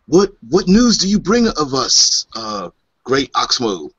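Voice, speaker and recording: Guy doing a reverent awed priest, higher pitched, kinda pleading, muffled lo-fi sound. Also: wildly swooping pitch, takes it slowly, fairly bright tone, breathy edge, no room sound, heavily acted. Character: awed old temple priest, reverent man. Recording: dull lo-fi recording.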